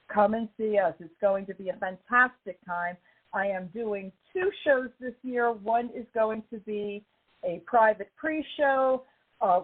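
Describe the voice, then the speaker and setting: A woman hosts a casual podcast chat, her voice slightly hoarse as she recovers from illness. She talks effusively and presses her points home. The sound is narrow and phone-like, as if over a call line. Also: medium pitch. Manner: warm, effusive, emphatic. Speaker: podcast host.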